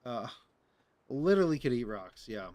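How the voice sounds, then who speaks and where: A man's voice: mid-range voice, big pitch swings, normal speed, a little mellow, dry recording. A man giving casual commentary over his gameplay, rambling and joking with lots of filler words. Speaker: gaming streamer.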